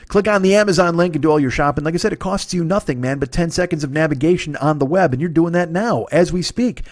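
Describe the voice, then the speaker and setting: A man's voice: a little high, dry recording, studio quality. A man hosting a comedy podcast, rambling and profane through a casual ad read.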